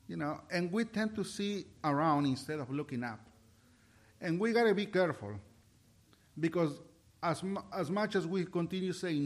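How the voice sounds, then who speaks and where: A man preaching a sermon, impassioned and halting, with restarts, swinging between loud and soft. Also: on the high side, expressive. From Mexico.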